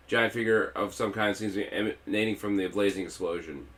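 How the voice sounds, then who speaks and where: A man's voice: on the low side, fairly quick, few pauses, fairly bright tone. A man streaming himself as he reads a video game's story text aloud, with dramatic emphasis. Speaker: let's-play streamer. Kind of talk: reading game text aloud. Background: faint game music.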